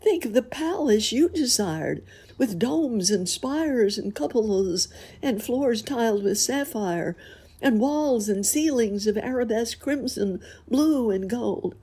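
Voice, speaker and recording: A woman's voice: on the high side, expressive, slow pace, warm tone, breathy edge, voice pushed up, full character voice. A woman reading a storybook and voicing an angry old peasant husband who scolds his wife. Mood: pleading. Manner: scolding, exasperated.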